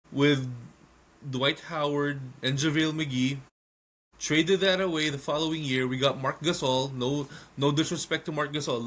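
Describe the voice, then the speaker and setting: A man's voice: fairly high pitch, fairly bright tone. A man co-hosting a casual sports podcast who mostly agrees and then lays out his points earnestly. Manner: agreeable, frequent short affirmations, then earnest explanations. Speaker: podcast co-host.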